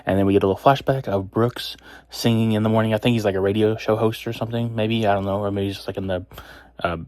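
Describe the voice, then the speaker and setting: A man's voice: on the low side, fairly even intonation, fast talker, darkish tone, dry recording, studio quality. A man casually retelling a comic chapter, rambling with plenty of fillers and restarts. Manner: rambling, filler-heavy retelling with quoted lines. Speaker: manga chapter reviewer. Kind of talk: casual spoken recap.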